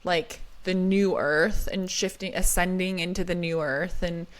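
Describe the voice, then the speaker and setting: A woman's voice: on the low side, steady tone, measured pace. A woman co-hosting a podcast in casual chat, telling stories with lots of "like" and frequent giggles. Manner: giggly, storytelling with many "like"s. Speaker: podcast co-host.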